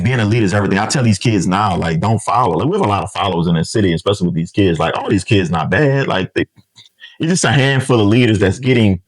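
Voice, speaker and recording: Deep-voiced New man, earnest. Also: dry recording, poor audio. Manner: earnest, repeats words and says "right?" and "man" often. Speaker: founder of a community organization, guest. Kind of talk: casual interview conversation.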